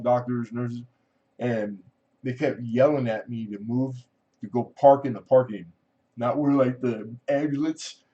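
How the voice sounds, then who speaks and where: A man hosting a casual livestream chat, telling a long personal story in a rambling way, laughing often and trailing off. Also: mellow. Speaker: livestream host. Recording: muffled low-fidelity audio.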